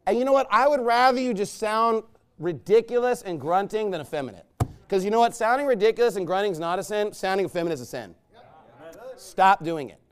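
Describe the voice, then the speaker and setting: A man, a pastor, delivering a sermon in a blunt, emphatic and scornful way, with loud bursts. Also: high voice, expressive, brisk, clean tone.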